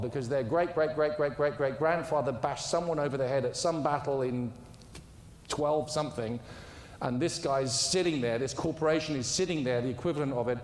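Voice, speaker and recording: A man's voice: a little high, a little mellow. A man delivering a conference speech, telling an anecdote in an emphatic storytelling way. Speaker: conference speaker. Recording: echoey hall with long reverb.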